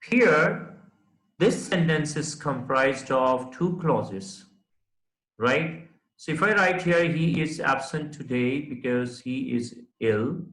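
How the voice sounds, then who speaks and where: Slow-talking male teacher in an echoey room. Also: mid-range voice, expressive, a bit bright. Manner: slow, explanatory, checks understanding with "right?". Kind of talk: recorded classroom lecture.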